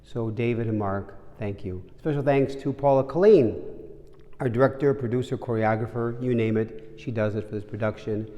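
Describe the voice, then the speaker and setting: Priest with a mellow voice in a cathedral. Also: male voice, medium pitch, normal speed, lo-fi sound. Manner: warm storytelling, conversational. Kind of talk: sermon reflection. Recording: long reverb of a large cathedral.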